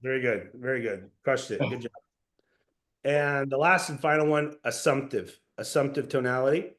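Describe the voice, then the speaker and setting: A man coaching a sales team in a casual, energetic way, often calling people "dude" or "bro". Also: medium pitch, moderate pace. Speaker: sales trainer.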